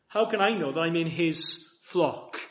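High-voiced man preaching earnestly. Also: animated, a little slow. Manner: earnest, swings from loud appeals to hushed quiet. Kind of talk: sermon. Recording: dull lo-fi recording.

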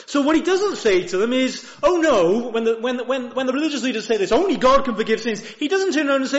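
Male preacher, high animated voice, rhetorical questions, muffled lo-fi church recording. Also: a little fast, hardly any pauses. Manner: lively, many rhetorical questions, restarts. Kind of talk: sermon. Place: church chapel.

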